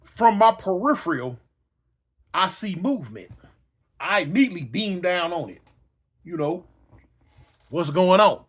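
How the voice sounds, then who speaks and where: Dude telling a crazy story, high voice swinging all over, yelling the sound effects. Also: male voice, sing-song, normal speed, long pauses, slightly rough. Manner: dramatic, acts out yells and voices, slangy. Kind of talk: animated personal storytelling.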